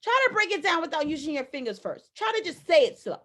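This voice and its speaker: A woman teaching a phonics lesson to young children, sounding out letters slowly and emphatically, with repeated encouragement. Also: high voice, sing-song, pushed and bright. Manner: encouraging, repeats phrases to the class. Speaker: kindergarten teacher.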